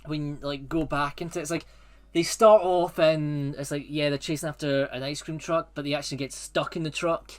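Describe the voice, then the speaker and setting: A man ranking films in a rambling, excitable and sarcastic casual chat. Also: on the high side, moderate pace.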